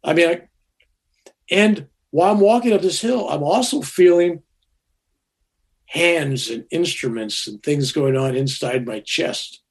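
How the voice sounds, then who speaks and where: An older man with a slightly high voice tells a personal story in a loose, rambling way. He is conversational and often restarts himself. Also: expressive, unhurried.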